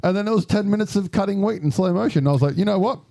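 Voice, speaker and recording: A man's voice: sits high, very fast, vocal fry, mellow, no room sound, clean studio sound. A man co-hosting a podcast in casual chat, blunt and dismissive, swearing freely. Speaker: podcast co-host.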